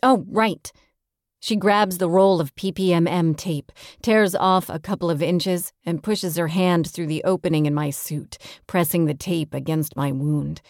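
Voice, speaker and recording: A woman reading a first-person audiobook with steady, tense storytelling. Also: on the low side, normal speed, few pauses, no room sound, clean studio sound. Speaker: audiobook narrator.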